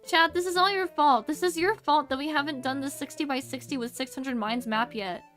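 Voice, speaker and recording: A young woman chats on stream in a high, bubbly voice, rambling happily to her viewers. She slips into baby-talk squeals at times and mutters quietly as she concentrates on a game. Faint music plays behind her desk microphone. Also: brisk. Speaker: VTuber streamer. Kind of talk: casual livestream chat while gaming.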